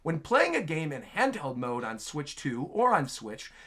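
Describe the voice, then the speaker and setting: A man's voice: a little high, big pitch swings, a little slow, a bit bright. A man hosting a casual gaming show, answering viewer questions in a chatty, enthusiastic way, often filling with "like" and "right?".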